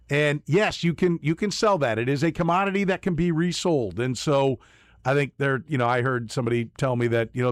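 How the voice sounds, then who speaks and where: A man's voice: mid-range voice, no echo, clean studio sound. A man hosting sports talk radio, giving emphatic opinions and often repeating words as he starts a point. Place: radio studio. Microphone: studio microphone.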